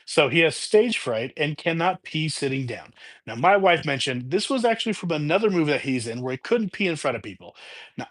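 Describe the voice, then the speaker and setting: A married man reviewing a movie in a casual, chatty way, retelling the plot with laughs and quick asides. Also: fairly high pitch. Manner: chatty, animated retelling with laughs and quoted voices.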